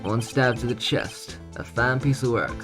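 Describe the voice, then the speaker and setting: A man voicing a gloomy, laid-back Texan cowboy patrolman in a slow, poetic drawl, over game music. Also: mid-range voice, close to an everyday voice.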